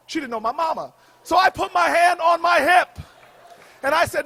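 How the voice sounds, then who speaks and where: A man in his forties giving a humorous commencement speech, shouting his punchlines with a preacher-like call and response. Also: very high voice, normal speed. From United States. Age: 40s. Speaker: commencement speaker. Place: outdoor graduation ceremony stage.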